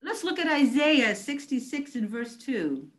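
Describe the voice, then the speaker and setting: A woman pastor preaches a sermon emphatically, calling out to her congregation. Her high voice is very animated but unhurried, and the audio quality is poor.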